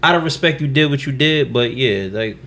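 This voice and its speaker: A man's voice: mid-range voice, expressive, brisk, a bit bright. A man co-hosting a casual podcast chat, mostly reacting with short asides and pointed questions. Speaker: podcast co-host.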